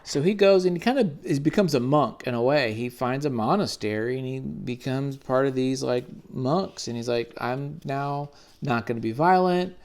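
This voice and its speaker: Gravelly-voiced dude reviewing comics, hyped and slangy, swears a lot, mid pitch. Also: male voice, normal speed, hardly any pauses, a little mellow. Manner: enthusiastic, slangy, swears casually. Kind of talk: casual comic book commentary.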